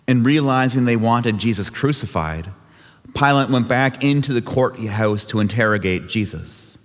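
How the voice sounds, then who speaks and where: A man tells a scripture story to a church congregation, lightly voicing each character as he goes. His voice sits at a middle pitch. The sound rings with the long reverb of a large sanctuary. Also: normal speed. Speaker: worship leader. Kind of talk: dramatic scripture retelling.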